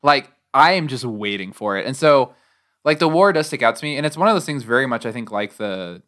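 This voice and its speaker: A man's voice: medium pitch, lively intonation, fairly quick, fairly bright tone. A man in casual podcast chat, enthusiastic and conversational. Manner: enthusiastic, conversational, says "dude".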